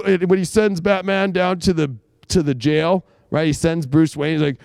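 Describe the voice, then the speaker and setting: A man's voice: on the high side, normal speed, creaky, darkish tone, smooth, no echo. A man hosting a live astrology talk, rambling and emphatic with frequent swearing. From United States. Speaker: astrologer host.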